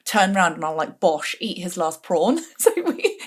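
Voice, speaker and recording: A woman's voice: fairly low pitch, very animated, normal speed, husky. A woman hosting a podcast, telling a story in a gossipy, chatty way and laughing often. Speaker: podcast host. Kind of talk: casual storytelling.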